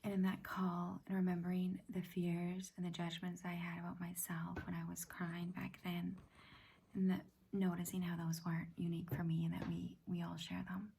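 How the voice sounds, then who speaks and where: A middle-aged woman hosting a reflective self-help talk, speaking softly and often in a half-whisper, gentle and halting. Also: on the low side, completely flat delivery, gravelly, a little hiss or hum. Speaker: self-help practice host. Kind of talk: soft-spoken personal reflection.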